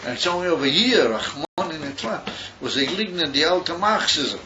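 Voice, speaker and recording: Speaking at a normal pace in a slightly high, sing-song voice, an older Australian man meanders through a story at a yeshiva event. He keeps repeating and restarting, mixing Yiddish words into the rambling tale, and the recording is dull and noisy.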